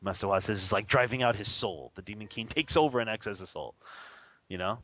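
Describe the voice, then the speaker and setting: Laughing, animated male Buddhist teacher. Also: lowish voice, a little fast, no room sound, dull audio. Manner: animated, laughs often, acts out quoted voices. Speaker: Buddhist teacher on a radio show. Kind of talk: casual teaching talk.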